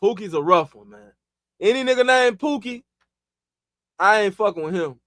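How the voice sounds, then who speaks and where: A man's voice: sits high, animated, normal speed, fairly bright tone, no echo, studio quality. A man from Chicago hosting a live stream, chatting loosely in profane street slang and laughing often. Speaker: livestream host. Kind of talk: casual live-stream chat.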